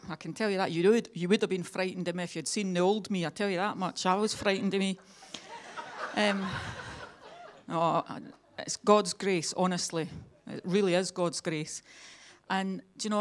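A Scottish woman sharing her testimony with a church gathering. She talks in a chatty, humorous way, often poking fun at herself. Her voice sits at an ordinary middle pitch. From Scotland. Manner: humorous, chatty, self-mocking. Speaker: church member giving testimony. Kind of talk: personal testimony at a church meeting.

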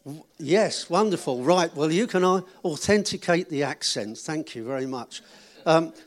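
A man's voice: on the high side, expressive, normal speed. A man giving notices at a church gathering and then telling a short joke, in a chatty, friendly way. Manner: chatty, friendly announcer, joking with the audience. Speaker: event leader giving notices.

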